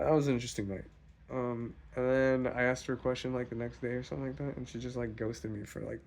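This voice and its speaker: A young man vlogging, telling a rambling, profane story in a casual, animated way. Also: mid-range voice, creaky.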